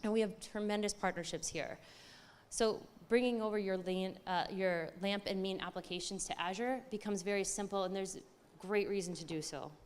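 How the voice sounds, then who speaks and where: A woman giving an excited, chatty conference talk, often correcting herself as she goes. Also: mid-range voice, moderate pace, clean tone. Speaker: conference speaker.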